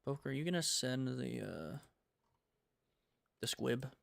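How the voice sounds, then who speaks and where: A young American man talks off the cuff while he streams his game development work. He rambles in a relaxed, slangy way at a middle pitch. His voice sounds dry and close to a desk mic. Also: a little slow, creaky, no echo. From United States. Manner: rambling, laid-back, slangy. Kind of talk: casual livestream chat.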